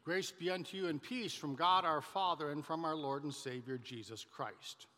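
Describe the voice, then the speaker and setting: A male pastor with a high, bright voice, delivering an unhurried storytelling sermon in a reverberant church. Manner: storytelling, measured, with some restarts.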